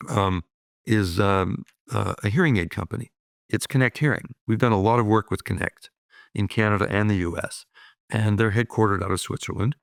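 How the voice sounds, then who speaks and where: A gravelly, fairly low-voiced man in his sixties talks as an interview guest. His manner is upbeat and reflective, peppered with "you know" and "right?". The sound is close and dry. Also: no echo. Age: 60s. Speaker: guest, business owner. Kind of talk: reflective conversational storytelling.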